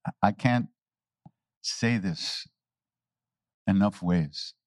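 A man telling stories to a live audience on a handheld mic, animated, laughing and often restarting his sentences. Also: sits low, drawn-out words, no echo. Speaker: spiritual teacher answering questions. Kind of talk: anecdotal storytelling talk. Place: talk before a live audience. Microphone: handheld microphone.

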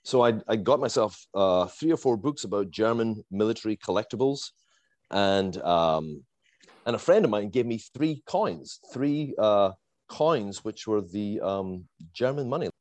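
A middle-aged man who moved to the United States from abroad, telling a long, animated fan story in casual chat, full of fillers and little laughs. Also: fairly low pitch, unhurried, no echo.

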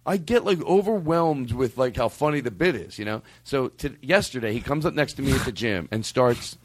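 Animated swearing comedy podcast host man. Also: medium pitch, moderate pace, no room sound. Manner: animated, laughs and swears often, acts out bits. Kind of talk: rambling comedic storytelling. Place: studio. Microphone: studio mic.

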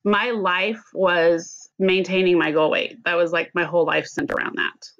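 A woman's voice: fairly low pitch, fairly even intonation, moderate pace, fairly bright tone, no room sound, lo-fi sound. A middle-aged woman telling her own story as an interview guest, candid and earnest. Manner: earnest, candid, at times choked up. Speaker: podcast guest.

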